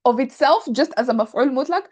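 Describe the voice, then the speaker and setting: A woman with a somewhat high voice teaches grammar in a live online class. She explains patiently, building each point step by step with worked examples. Her voice comes through a video call. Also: a little fast, a little mellow.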